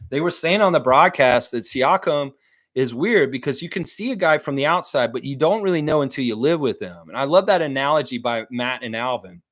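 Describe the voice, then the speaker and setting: Guy rambling on a live stream, middle pitch, reads chat out loud, laughs a lot. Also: lively intonation, brisk.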